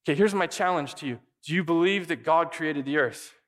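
Animated male pastor in a reverberant hall. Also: fairly high pitch. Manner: animated, acts out quick imagined dialogue. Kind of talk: sermon.

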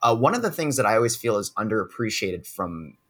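A man's voice: fairly low pitch, sing-song, a little fast, fairly bright tone. A man, a guest improv performer, talking casually with many "you know" and "like" fillers. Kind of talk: casual podcast chat.

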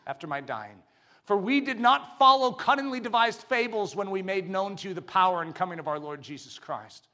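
A man preaching a sermon, swinging from quiet, probing questions to drawn-out shouted proclamation. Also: high voice, expressive.

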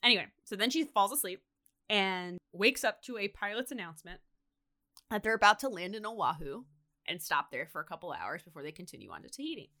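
Woman podcaster, bright tone, chatty animated storyteller. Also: medium pitch, a little fast. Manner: animated storyteller acting out quotes, lots of "like". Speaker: podcast co-host. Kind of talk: casual comedic retelling.

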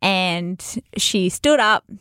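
A woman chatting casually on a podcast, telling a story in an animated way, laughing often and acting out what people said. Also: fairly low pitch, extremely slow, smooth. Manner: animated, laughs often, acts out quoted voices.

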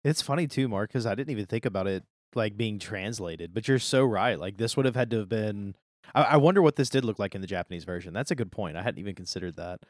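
A man with a lively, swooping pitch recapping scenes in casual podcast chat. He acts out the quoted lines as he goes. The sound is dry and close to the mic. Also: fast talker, dry recording. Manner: expressive storytelling, recounts scenes with quoted lines. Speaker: podcast co-host.

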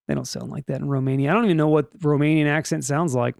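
Male podcast host, slightly high voice, dry close sound, chatty and joking, rambles off topic. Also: steady tone, fast talker, gravelly, few pauses, a little mellow, no echo. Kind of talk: casual news podcast chat.

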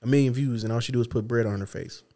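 Slangy animated man on a podcast. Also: mid-range voice, quick pace. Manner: animated storytelling with acted-out quotes; loose slangy speech with restarts. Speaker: podcast co-host. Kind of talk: casual chat.

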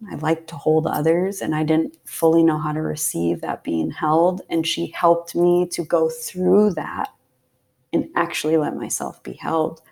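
A woman from Pennsylvania, a podcast guest, telling a personal story in a heartfelt way, sometimes dropping to a soft whisper. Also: sits low, little pitch movement, unhurried, gravelly. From Pennsylvania, USA. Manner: heartfelt, drops to soft whispers when recalling intense moments. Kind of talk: casual storytelling.

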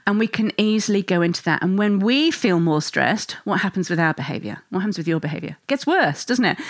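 Gentle reassuring woman, dry close sound. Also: mid-range voice, no echo. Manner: gentle and reassuring, acts out stressed inner thoughts. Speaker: parenting speaker, mother. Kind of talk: reflective talk to listeners.

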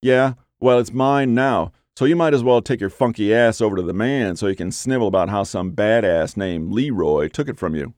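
A man's voice: lowish voice, normal speed, hardly any pauses, a little mellow, no echo, clean studio sound, close to an everyday voice. A man voicing a brash, profane young male car thief who talks with street swagger in an audiobook. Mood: belligerent. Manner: swaggering, cursing street talk.

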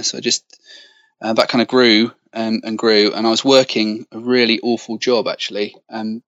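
A man's voice: on the low side, level tone, moderate pace, a bit bright, no room sound. An English man from the Cotswolds chats as a podcast guest, full of ums, restarts and self-deprecating asides. His voice comes over a video call and sounds dull and slightly muffled. The sound is close and dry. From Gloucestershire, England. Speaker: podcast guest, web business owner. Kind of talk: casual interview chat.

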